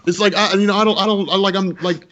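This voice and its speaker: A man's voice: high-pitched, fairly even intonation, fast, lo-fi sound, crowd noise. A man on a comics podcast ranting bluntly, rambling and repeating words as he swears. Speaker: podcast co-host and comics video maker. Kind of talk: casual podcast rant.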